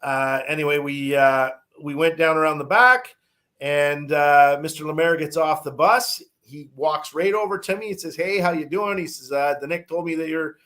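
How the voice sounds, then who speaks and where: A man tells a long story in a loose, casual way. His voice sits fairly high, and he keeps restarting sentences, dropping in fillers and the odd swear word. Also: moderate pace, pushed and bright.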